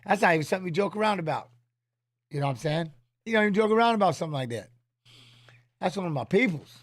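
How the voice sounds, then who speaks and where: Middle-aged male streamer, loose chatty fight talk, higher-pitched voice. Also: animated, fast, no echo. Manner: rambling, loose, drops filler tags. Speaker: streaming host and former fighter. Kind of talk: casual livestream chat while watching fights. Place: home office.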